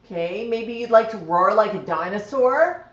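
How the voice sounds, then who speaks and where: In a dull, echoey home recording, a woman runs a relaxed livestream, switching from cooing baby talk with her pet parrots to plain chat with viewers. Her mid-range voice is expressive and moves at a moderate pace.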